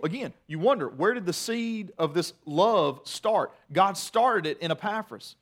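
A man preaching a sermon as pastor, telling a story with self-deprecating humor, dropping to soft low asides and rising to loud emphatic points. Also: expressive, a little slow, hardly any pauses.

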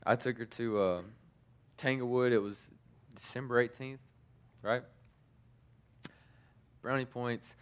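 A man's voice: medium pitch, steady tone, slow, long pauses, smooth. A man in his thirties, a youth pastor, telling stories in a casual sermon, stumbling through frequent restarts and fillers.

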